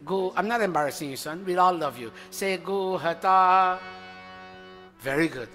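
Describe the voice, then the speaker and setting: Preacher guy, high bright voice, slow and dramatic, hall echo, bit of music under it. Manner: dramatic, swings from loud chant to hushed tones. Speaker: spiritual teacher leading satsang. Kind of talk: sermon with call-and-response chanting. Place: large hall before a congregation. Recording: long hall reverb, faint music behind.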